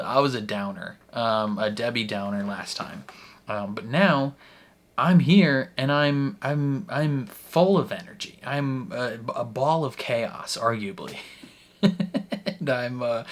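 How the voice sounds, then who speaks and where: A man's voice: mid-range voice, fairly bright tone. A young man hosting a reaction channel, talking casually to camera in a rambling, jokey way with laughs between phrases.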